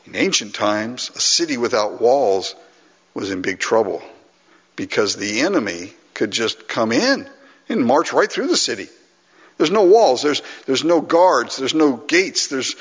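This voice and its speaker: A man's voice: medium pitch, a bit bright, breathy edge. A man preaching a sermon to a congregation in a conversational way, with frequent restarts and asides to the listeners. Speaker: pastor. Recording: dull lo-fi recording with long hall reverb.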